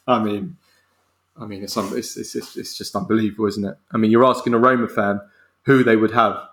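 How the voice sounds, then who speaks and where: A man's voice: lowish voice, fairly even intonation, brisk, fairly bright tone. A man hosting a football podcast, chatting casually with many fillers and restarts. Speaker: podcast host.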